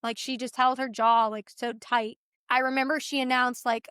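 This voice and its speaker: A young woman guest telling her story in a casual chat, animated and full of fillers, acting out what others said. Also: high-pitched, normal speed, clear, resonant tone, no room sound, studio quality. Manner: animated retelling, acts out others' dialogue; filler-heavy, restarts often. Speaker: podcast guest.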